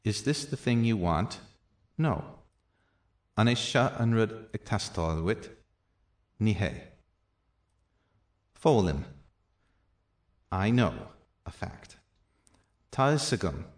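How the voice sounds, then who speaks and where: Guy reading out practice sentences real slow, lowish voice, quiet little asides. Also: lively intonation. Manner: slow and deliberate, with soft low asides. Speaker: language teacher.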